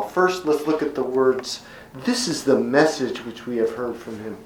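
A man preaching an expository sermon as pastor, teaching in a measured, earnest way and driving points home by repeating them. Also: mid-range voice, fairly even intonation, a bit bright, roomy sound, low-quality recording.

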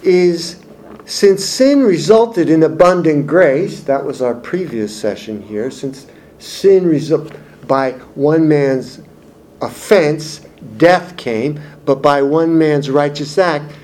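Slow, emphatic male Bible teacher. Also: a little high, animated, darkish tone. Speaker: preacher.

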